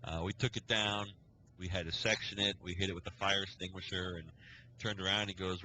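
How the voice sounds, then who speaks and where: A man's voice: sits low, steady tone, brisk, bright, forceful tone, slight background noise, rough recording. A man, a scoutmaster, telling a long story on a casual podcast, acting out the quoted dialogue as he goes. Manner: rambling storyteller who acts out quoted dialogue.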